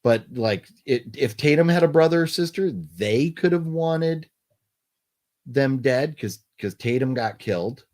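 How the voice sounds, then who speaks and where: Brief: a male stream host musing out loud, middle pitch, animated delivery. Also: measured pace. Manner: rambling, thinking aloud with many restarts. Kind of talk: casual late-night chat.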